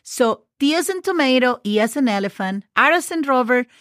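A woman's voice: high voice, expressive, a little fast, a bit bright, dry recording, clean studio sound. A woman teaching Spanish on a podcast in a chatty, casual way, spelling words out letter by letter with friendly asides. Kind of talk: casual podcast language lesson.

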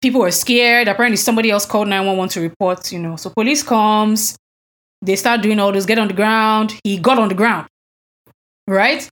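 With a medium-pitched, somewhat bright voice that moves a little fast, this podcast co-host tells what happened in an emphatic, indignant tone. Her casual chat is peppered with sharp rhetorical questions.

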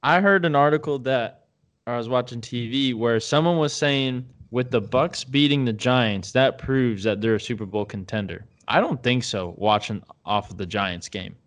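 A man's voice: mid-range voice, moderate pace, fairly bright tone. A man co-hosting a podcast, chatting casually about sports in a rambling, hesitant way with many fillers and restarts. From Tampa Bay area, United States. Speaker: podcast co-host.

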